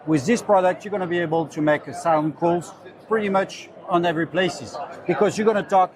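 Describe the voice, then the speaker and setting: A man representing a company, earnestly explaining his product in a slightly halting way on a trade show floor. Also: high-pitched, a little hiss or hum. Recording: loud crowd chatter behind.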